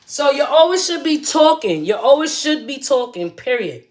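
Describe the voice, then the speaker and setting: A woman's voice: high voice, very animated, moderate pace. A woman in her forties, hosting a casual livestream chat, talking straight to her viewers in a chatty, emphatic way. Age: 40s. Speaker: livestream host.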